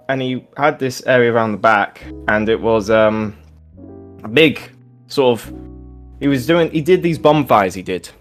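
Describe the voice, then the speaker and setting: A young man co-hosting a casual podcast, rambling through work stories with plenty of swearing and laughter. His voice sits at an ordinary middle pitch. Faint music plays underneath. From England. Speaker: podcast co-host. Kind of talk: casual storytelling chat.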